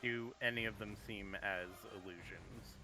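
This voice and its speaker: A man plays a tabletop game, making deliberate, measured requests of the game master. He talks very slowly in a lowish voice with a sharp, piercing edge. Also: steady tone, faint music behind, poor audio. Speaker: player.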